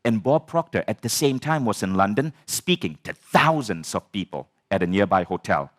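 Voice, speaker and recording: A man telling a personal story as a personal growth speaker, animated, swearing and acting out the dialogue. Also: lowish voice, moderate pace. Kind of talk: storytelling talk.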